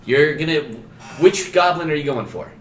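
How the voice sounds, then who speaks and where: A man's voice: fairly high pitch, expressive, moderate pace. A man casually narrating a tabletop game as game master, laid back and swearing freely. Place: home streaming room. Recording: roomy echo with faint ambient noise.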